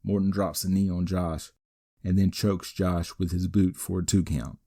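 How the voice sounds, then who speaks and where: A man with a low, mellow voice hosts a wrestling podcast. He recaps the matches move by move in a steady, matter-of-fact way and drops the odd dry aside. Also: normal speed. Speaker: podcast host. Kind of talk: recapping a wrestling event play by play.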